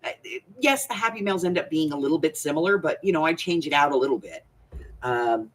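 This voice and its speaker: A woman's voice: deep voice, animated, fairly quick. A woman hosting a crafting channel, chatting casually and rambling, with frequent restarts and laughter. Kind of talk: casual chat.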